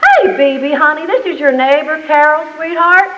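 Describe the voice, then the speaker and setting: A woman's voice: high voice, moderate pace, distant mic, a little hiss or hum, pitched above the performer's own voice, lightly acted. A woman putting on a gushing, sweet woman neighbor. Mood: sweetly concerned. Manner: gushing with endearments. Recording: echoey hall, heard from afar, dull.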